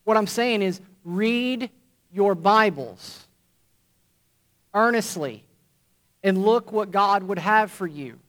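This is a pastor preaching in church, his voice fairly high and a touch bright. He constructs his points phrase by phrase, sincere and measured, returning to repetition and pointed emphasis throughout.

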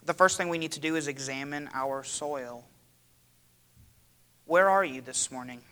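A man preaching a sermon to his church, dramatic and building to loud cries. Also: on the high side, a little slow. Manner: dramatic, rising to loud cries when quoting. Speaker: pastor.

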